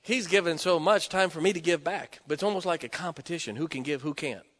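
A man preaching a sermon, telling personal stories with emphatic, animated delivery. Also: a little high, fast. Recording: long hall reverb.

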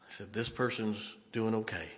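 Low-voiced preacher in a reverberant church. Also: male voice, steady tone, normal speed, fairly bright tone. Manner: storytelling preacher, rises to emphatic exhortation. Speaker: pastor. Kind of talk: sermon. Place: church sanctuary.

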